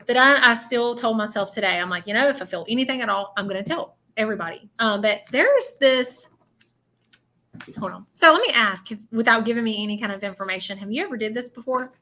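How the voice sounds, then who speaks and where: A woman with a high, bright voice hosts a live-stream psychic reading. She rambles animatedly, circling back and repeating phrases as she relays what she senses. Her delivery is eager and loose rather than scripted. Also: fairly quick. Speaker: psychic medium host.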